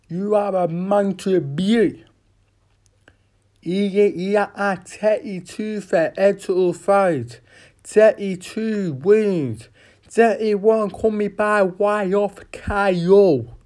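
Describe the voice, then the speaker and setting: A man giving a casual, rambling boxing fight preview, swearing often and halting with many fillers. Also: high voice, a little mellow.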